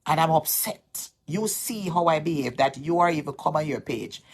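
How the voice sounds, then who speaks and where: A Jamaican woman vlogging in a heated callout, her voice sitting somewhat low. She presses her complaint insistently and circles back over the same points again and again, aggrieved. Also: lively intonation, moderate pace, a little hiss or hum. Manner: aggrieved, insistent, repeats herself. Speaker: social media vlogger. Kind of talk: heated direct-to-camera callout.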